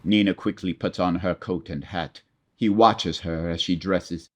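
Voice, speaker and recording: Deep-voiced man reading stage directions. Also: steady tone, a little slow. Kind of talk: play reading.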